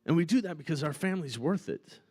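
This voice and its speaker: Animated, conversational man preaching. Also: a little high, quick pace. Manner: conversational, animated preaching with many "right?" asides. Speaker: pastor. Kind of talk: sermon. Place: church auditorium.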